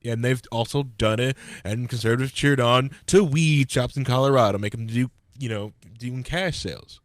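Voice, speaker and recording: A man's voice: medium pitch, normal speed, dry recording, clean studio sound. A man co-hosting a casual political podcast, talking in a rambling way and getting worked up. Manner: rambling, gets worked up and loud. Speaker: podcast co-host.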